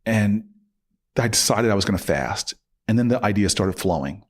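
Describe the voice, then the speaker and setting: Animated man telling a story. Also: fairly low pitch, normal speed, slightly rough. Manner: animated storyteller, acting out both sides of arguments. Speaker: podcast guest. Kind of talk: storytelling in a casual interview.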